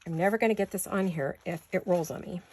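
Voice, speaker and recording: Fast-talking and lowish in pitch, this woman has a warm, slightly rough voice. She's a tired, somewhat breathless craft vlogger chatting through a home craft tutorial, rambling and losing track of her words.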